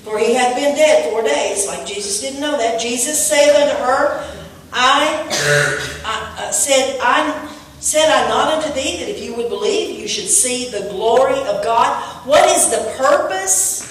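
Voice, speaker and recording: A woman preaching a sermon in church, telling a story and rising to shouts on key points. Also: high voice, normal speed, a little hiss or hum. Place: church sanctuary. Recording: echoey room from far off.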